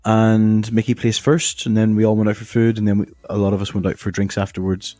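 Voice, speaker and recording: A young man chats on a podcast, his voice low and relaxed. He rambles and jokes easily, recorded close and dry with faint music underneath. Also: fairly quick, no room sound. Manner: jokey, rambling, laughs often. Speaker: podcast co-host. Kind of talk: casual chat.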